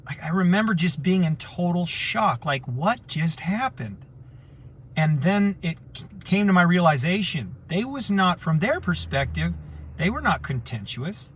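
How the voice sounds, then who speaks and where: Husky man telling stories casually. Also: a little high, unhurried. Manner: animated storyteller, acts out quoted voices. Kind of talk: casual storytelling talk.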